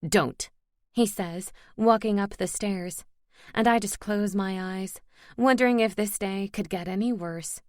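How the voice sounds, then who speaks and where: An audiobook narrator reads a first-person fantasy romance with expression, raising her voice for the dialogue. Her medium-pitched voice moves a little slowly, captured in a dry, studio-quality recording.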